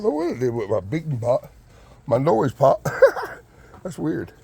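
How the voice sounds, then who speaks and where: A man's voice: medium pitch, very animated, measured pace, creaky, long pauses, a little mellow, breathy edge. A man, chatting casually to his viewers and sweet-talking his hens while he feeds them outdoors. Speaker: backyard chicken keeper. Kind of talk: casual vlog chat. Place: outdoor yard and front porch in freezing weather.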